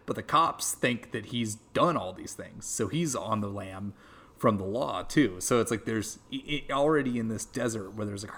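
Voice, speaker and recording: A male co-host chats casually about movies. His voice sits on the low side. He agrees readily and sometimes stops and restarts his thoughts. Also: a bit bright. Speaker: podcast co-host. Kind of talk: casual film discussion.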